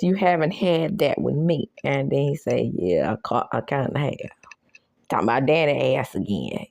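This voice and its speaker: A woman's voice: low-pitched, gravelly, a little mellow, no room sound, studio quality. Sassy woman recapping a show. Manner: sassy, laughs often, acts out the characters' lines in a mocking voice. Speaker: recap host. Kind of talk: casual show recap with reactions.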